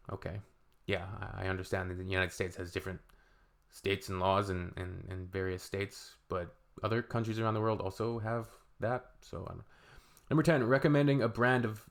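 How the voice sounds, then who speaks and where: A man from Canada giving casual reaction commentary, rambling with halting restarts and blunt asides. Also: sits low, vocal fry, fairly bright tone. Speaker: reaction video creator.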